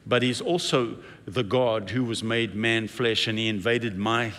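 A man's voice: fairly low pitch, steady tone, measured pace, a bit bright, long reverb tail. A man preaching a sermon as senior pastor, telling stories and acting out the quotes in playful voices. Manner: storytelling with playful acted-out quotes.

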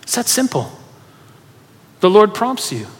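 A man's voice: high-pitched, sing-song, a little slow, a bit bright. A man preaching a sermon to a congregation, telling stories and urging listeners to respond. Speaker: pastor. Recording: long hall reverb.

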